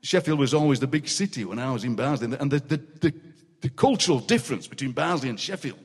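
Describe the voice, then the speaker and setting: A man in his sixties with a Yorkshire accent, telling animated, laughing anecdotes as the guest poet of a live interview. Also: medium pitch, fast talker, husky. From Yorkshire, England. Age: 60s. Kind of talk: comic storytelling in a live interview. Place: large city hall, live audience. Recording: reverberant hall.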